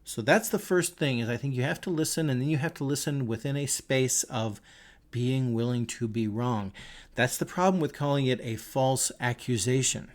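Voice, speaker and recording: At a moderate pace and in a mid-range voice, this man hosts his podcast. His casual monologue is reflective and earnest, and he tells stories while thinking things through.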